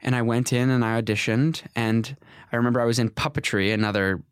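Give me a man in his twenties casually telling animated stories, with a dry, close sound. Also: medium pitch, fast, smooth, no room sound. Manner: rambling, animated, with restarts and self-corrections. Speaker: actor, guest. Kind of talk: casual storytelling interview.

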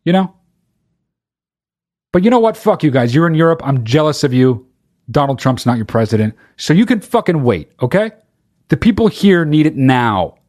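A man's voice: on the high side, big pitch swings, a little mellow. A man hosting a solo podcast, rambling in casual talk and swearing freely. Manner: rapid, profane, rambling. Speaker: podcast host.

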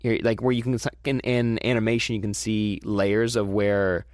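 A man with a slightly low voice co-hosts a casual movie review chat. He rambles enthusiastically, restarting his sentences as he goes. The sound is dry and close, with no room echo. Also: level tone, normal speed. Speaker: movie review podcast host.

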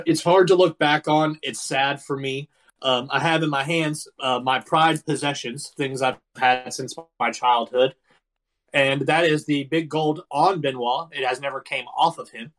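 A man in his thirties, co-hosting a casual podcast, recounting a wrestling match in an animated, profane, storytelling way. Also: mid-range voice. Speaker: podcast co-host. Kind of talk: casual wrestling review chat.

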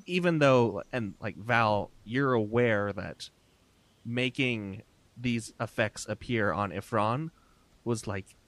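A man narrating as game master, relaxed and descriptive, with many fillers. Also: fairly low pitch, slow pace, no echo.

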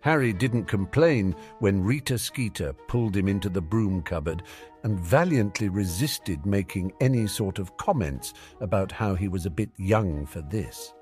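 Expressive low-voiced male storyteller. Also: normal speed, soft background music. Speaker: audiobook narrator. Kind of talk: audiobook reading of fan fiction.

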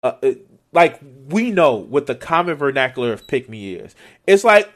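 A man's voice: medium pitch, sing-song, moderate pace, a bit bright. A man doing profane reaction commentary on a video, exasperated and sarcastic, swearing often.

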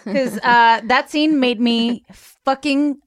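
A woman co-hosting a podcast, chatting casually about a TV episode, excitable and quick to laugh and swear. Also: a little high, no echo, studio quality. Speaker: podcast co-host.

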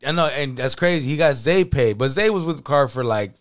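Male co-host, mid pitch, quick slangy bursts, dry close mic. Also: animated, no echo. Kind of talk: casual chat.

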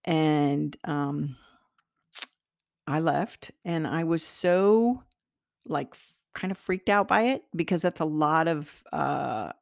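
Low gravelly lady rambling through a personal story, lots of ums and restarts, dry close sound. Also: slow, no room sound. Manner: earnest, rambling, many fillers and restarts. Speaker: podcast host, healer.

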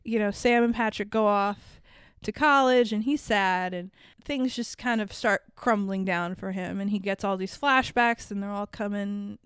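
A woman's voice: mid-range voice, fairly even intonation, moderate pace, a bit bright, smooth, no room sound, studio quality. A woman co-hosting a casual movie podcast, swearing freely, laughing often and acting out the characters' lines. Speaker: podcast co-host. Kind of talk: casual movie-review chat.

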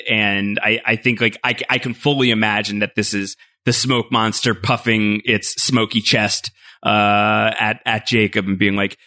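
A man talks through ideas on a casual podcast with a bright, forceful edge to his voice. He rambles, circles back and leans on fillers as he thinks aloud. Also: on the low side. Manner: rambling, loose, heavy with fillers and restarts. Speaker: podcast co-host.

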